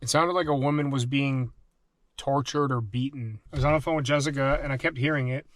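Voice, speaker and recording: A man's voice: mid-range voice, fairly even intonation, a little fast, no room sound. A man filming a casual camping vlog, talking loosely with lots of fillers, outdoors and then from his truck. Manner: rambling, frequent fillers, grows hushed and frightened. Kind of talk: casual vlog talk to camera. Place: outdoors in wooded lot, later inside truck.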